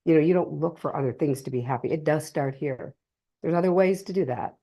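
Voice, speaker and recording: A middle-aged woman speaks in a low, mellow voice, sharing a personal testimony with a live audience. Her delivery is emotional and halting, full of pauses and restarts. The talk was recorded at a community cultural center. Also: gravelly, slightly rough. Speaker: speaker sharing a family story at a drug-prevention session.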